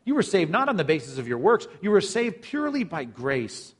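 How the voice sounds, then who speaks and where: A man delivering a sermon as a pastor, with a voice pitched a little above most men. He presses his points through repetition and asks the congregation question after question. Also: big pitch swings, fairly quick, slightly rough. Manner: preaching with emphatic repetition and rhetorical questions.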